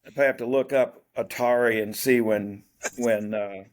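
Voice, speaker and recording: A man's voice: mid-range voice, steady tone, moderate pace. An older man chatting casually, rambling through old memories. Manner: rambling, reminiscing. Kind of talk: casual chat.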